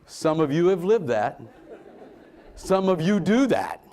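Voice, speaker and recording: A man giving a motivational conference talk to a room, swinging between loud emphasis and low asides. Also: very animated, takes it slowly. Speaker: conference speaker.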